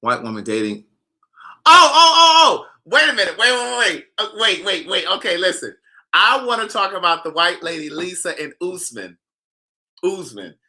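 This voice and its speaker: A man's voice: high voice, very animated, normal speed, bright, forceful tone. A man hosting a casual, sassy gossip chat and reading out viewer comments as he talks. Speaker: author hosting a live chat.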